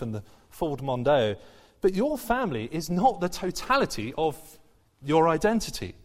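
Man, sermon, lively pitch, long hall echo. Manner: earnest, conversational, with frequent fillers and restarts. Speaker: preacher.

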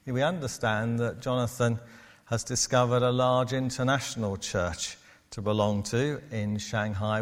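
A man preaching a sermon to his congregation in a church, measured and steady. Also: medium pitch. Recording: long hall reverb.

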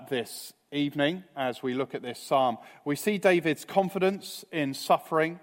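A man delivers a sermon in an unhurried, deliberate cadence. He speaks earnestly, and each phrase sinks quietly at its close. The sound carries a long church-hall reverb. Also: medium pitch. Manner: earnest, measured, trailing off softly at phrase ends. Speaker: preacher. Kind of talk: evening sermon.

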